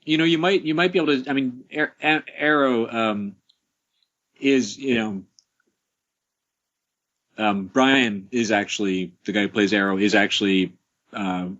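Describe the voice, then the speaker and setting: Speaking a little slowly with long pauses, a man with a fairly low, steady, fairly bright voice chats on a podcast about creating his show. He rambles, using many fillers, restarting sentences and chuckling softly. The recording sounds dull and lo-fi.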